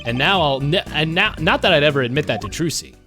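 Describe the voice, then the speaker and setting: A man streaming a game live, chatting casually with his viewers, excitable and swearing freely. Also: fairly high pitch, quick pace, soft background music. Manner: excitable, swears, talks to chat.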